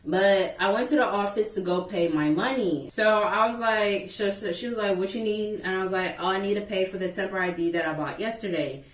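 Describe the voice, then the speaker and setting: A young woman casually telling a school story to the camera, animated and chatty, acting out the people in it. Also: mid-range voice, a little fast, hardly any pauses, recorded from a distance. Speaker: vlogger. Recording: echoey room, a bit off-mic.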